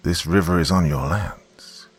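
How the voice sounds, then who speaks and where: A man's voice: low voice, measured pace, breathy edge. A man voicing a cursed, weary young man who speaks hesitantly and with resignation. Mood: resigned.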